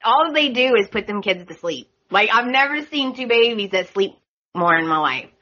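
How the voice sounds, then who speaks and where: A woman hosting a casual podcast chat, quick to laugh and fond of acting out what people said. Her voice is bright and forward. The recording sounds dull and lo-fi. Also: fairly high pitch, lively intonation. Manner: chatty, laughs often, acts out quotes. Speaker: podcast host. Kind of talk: casual soap opera recap chat.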